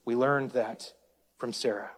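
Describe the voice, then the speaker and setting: A man's voice: medium pitch, fairly even intonation, measured pace, husky. A man preaching a sermon, calling out to the congregation and building up and easing off his intensity. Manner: preaching with call-outs to the congregation, rising and falling intensity. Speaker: pastor.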